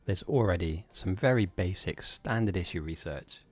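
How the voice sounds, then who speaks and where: A man's voice: low voice, expressive, normal speed, soft background music. A man casually commentating a strategy game match, explaining the build and laughing easily with his co-commentator.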